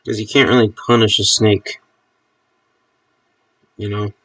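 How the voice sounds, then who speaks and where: A man's voice: lowish voice, little pitch movement, a little slow, fairly bright tone, no room sound, distant mic. Chatty male streamer, a bit off-mic. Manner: chatty, amused, talks to his pet snake. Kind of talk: casual live-stream chat.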